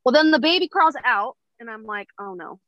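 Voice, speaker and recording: A woman's voice: high voice, fairly quick, no room sound, dull audio. A woman, a mother of young children, chatting casually as a podcast guest and acting out quoted dialogue with lots of laughter. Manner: animated, acts out quoted dialogue, laughs often. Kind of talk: casual storytelling chat.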